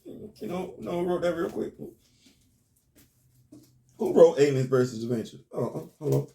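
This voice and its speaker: A young man, excitedly reviewing a comic in a casual, slangy monologue, laughing and stumbling over restarts. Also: fairly high pitch, normal speed, creaky, husky.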